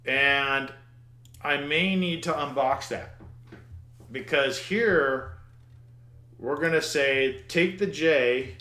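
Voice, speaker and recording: A man's voice: mid-range voice, drawn-out words, pauses often, sharp tone, reverberant. A man teaching a programming lesson over his screen, thinking aloud, muttering at the code and restarting his words. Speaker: programming instructor. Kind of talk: screen-recorded coding lesson.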